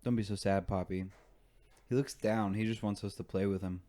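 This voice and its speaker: A man's voice: lowish voice, steady tone, fairly quick, dark tone. A man hosting a podcast in casual banter, joking and swearing, and laughing often. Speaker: podcast host.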